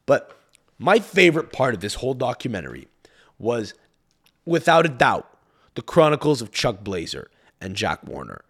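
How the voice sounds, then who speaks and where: A male podcast host rants at a middling pitch, swearing freely as he rambles from point to point. He stammers through many restarts, doubling back on his words as he goes. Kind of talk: casual rant.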